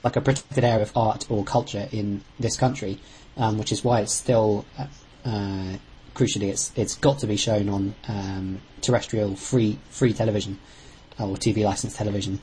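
A man co-hosting a podcast, talking football earnestly, pausing on fillers and sometimes venting. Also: lowish voice, fairly even intonation, mellow, a little hiss or hum, low-quality recording. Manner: earnest, rambling, with sudden outbursts. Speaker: podcast co-host. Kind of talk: casual football chat.

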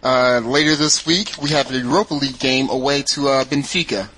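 A man's voice: mid-range voice, brisk, bright, forceful tone, a little hiss or hum, poor audio. Man hosting a jokey football podcast. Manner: joking, moves the show along. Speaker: podcast host. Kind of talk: casual football chat.

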